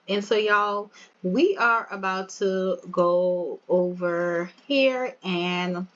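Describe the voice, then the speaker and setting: A woman giving casual gameplay commentary, excitable, exclaiming and laughing as she talks straight to her viewers. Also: lowish voice, drawn-out words, highs cut off. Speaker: let's play gamer.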